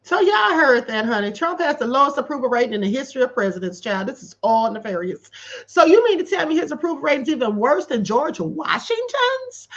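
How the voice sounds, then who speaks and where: Woman streamer, high, lively voice, sassy commentary, dull lo-fi audio. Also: fairly quick. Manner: sassy, animated, calls viewers honey; reads out viewer comments. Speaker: livestream commentary host. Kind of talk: casual commentary livestream.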